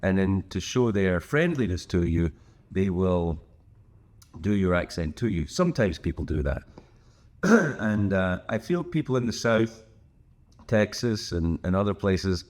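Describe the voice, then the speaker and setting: Deep-voiced older Scottish man chatting. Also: animated, unhurried, darkish tone. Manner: rambling, joking, full of asides and restarts. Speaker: host. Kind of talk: casual solo chat to camera. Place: hotel room, indoors.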